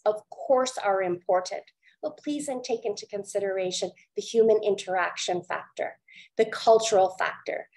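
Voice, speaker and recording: A woman from India giving an earnest, measured storytelling talk on a webinar over a video call. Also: mid-range voice, a little mellow, low-quality recording. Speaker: webinar speaker.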